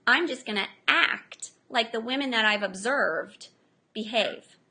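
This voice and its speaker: Bright, animated woman storyteller. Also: on the high side. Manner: animated storyteller, acts out quotes. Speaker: interview guest, entrepreneur. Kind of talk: casual interview talk.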